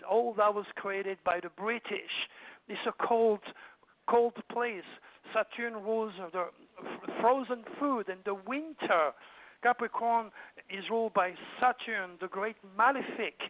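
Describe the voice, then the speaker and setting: A man's voice: high voice, measured pace. An older man from France with a French accent, speaking as an astrologer guest on a radio call-in show, lecturing emphatically and rambling with plenty of fillers. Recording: dry, tinny phone line.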